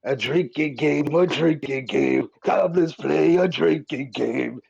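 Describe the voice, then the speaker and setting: A man's voice: fairly high pitch, takes it slowly, creaky, darkish tone, breathy edge, lo-fi sound, voice pushed up, exaggerated voice. A man playing a tipsy adventurer, sing-song. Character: cheerful male adventurer acting drunk.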